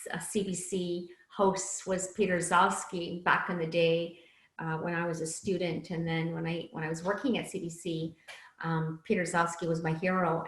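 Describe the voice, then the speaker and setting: A woman's voice: fairly low pitch, reverberant, low-quality recording. A woman giving a casual talk on empathy skills, chatty, with many fillers and asides. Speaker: speaker teaching empathy skills.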